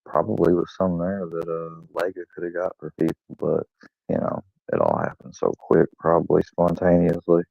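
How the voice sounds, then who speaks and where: On his own channel, a man with a deep, gravelly voice tells a rambling, profane, self-deprecating story in casual conversation at a moderate pace. The recording is dull and lo-fi with no echo.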